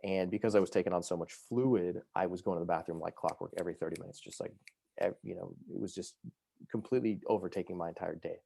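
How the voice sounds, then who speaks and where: Podcast guest: a very low-pitched, dark-toned man recounting his story at a brisk clip in a dry, close sound. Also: creaky, slightly rough, dry recording. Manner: fast, lively, full of fillers like "you know" and "like". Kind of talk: animated personal storytelling.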